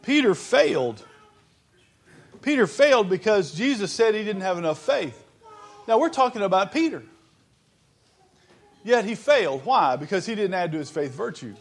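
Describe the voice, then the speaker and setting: A man's voice: high voice, very animated, normal speed, long pauses, husky. A man preaching a sermon in an earnest, conversational way, often restarting his sentences.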